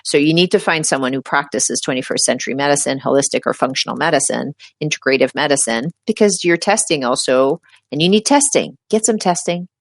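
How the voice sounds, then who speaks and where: A woman's voice: low voice, a little fast, hardly any pauses, dry recording, clean studio sound. A middle-aged woman, a healthcare provider, giving emphatic advice as a guest in a casual interview and acting out her patients. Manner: animated, emphatic, acts out quoted patients.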